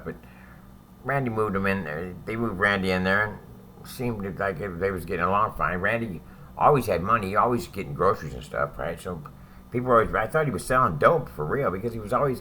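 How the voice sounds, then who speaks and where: A man's voice: on the low side, bright, forceful tone, slight background noise. A man telling a story about his time in prison in a casual, profane, rambling way, often adding "right?" as he goes.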